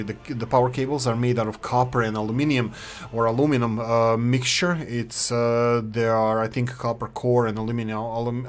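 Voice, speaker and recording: A man, hosting casual gameplay commentary in a rambling, opinionated way. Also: mid-range voice. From former Yugoslavia. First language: Serbo-Croatian. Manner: rambling, opinionated, self-correcting. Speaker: gaming channel host.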